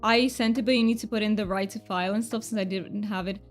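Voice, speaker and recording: A woman's voice: mid-range voice, steady tone, quick pace, faint music behind. A woman game streamer chatting casually with her viewers, self-deprecating and thanking chat.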